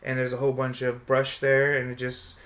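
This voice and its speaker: A man's voice: medium pitch, a little fast. A man hosting a podcast, chatting casually and telling stories, acting out the people he quotes. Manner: storytelling, animated when quoting people. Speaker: podcast host.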